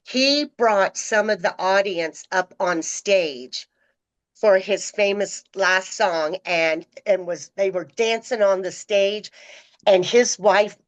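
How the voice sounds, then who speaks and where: Animated middle-aged woman telling stories. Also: takes it slowly, rough recording. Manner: animated, acts out quoted voices with pitch jumps. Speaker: podcast guest, former personal assistant. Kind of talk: casual storytelling.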